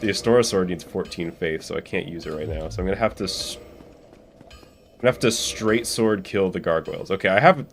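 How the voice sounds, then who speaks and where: A man's voice: low voice, a little hiss or hum. A young man streaming a speedrun, talking casually over his gameplay, swearing and laughing at his own mistakes. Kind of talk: casual live gameplay commentary.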